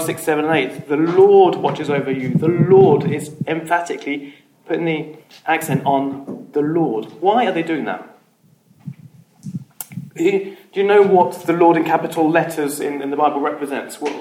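Man leading a Bible study, earnest and repetitive, slightly high voice, echoey room. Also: normal speed. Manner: earnest, repeats words, asks the group questions. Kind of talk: informal Bible teaching. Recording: echoey room, faint noise.

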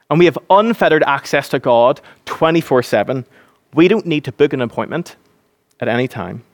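A man's voice: medium pitch, dry recording. Earnest preaching man, dry sound. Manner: earnest, animated when acting out scenes. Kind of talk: sermon.

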